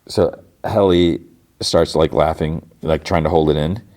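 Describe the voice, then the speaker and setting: A man's voice: very deep voice, fairly even intonation, a little slow, darkish tone. A man hosting a podcast, casually recapping a TV episode and acting out the characters' lines as he goes. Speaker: podcast host.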